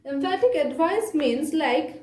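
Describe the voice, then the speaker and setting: Lady teacher explaining grammar step by step, high mellow voice, says okay a lot, roomy echo. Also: lively intonation. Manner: explains slowly with many okays and fillers. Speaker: English teacher. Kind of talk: grammar lesson.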